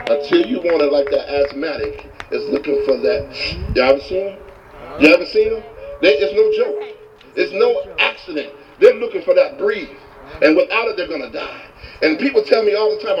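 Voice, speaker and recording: Man, motivational storytelling speech, animated, slightly high voice, distant dull recording, faint hiss. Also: moderate pace. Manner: animated, acts out the characters. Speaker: motivational speaker.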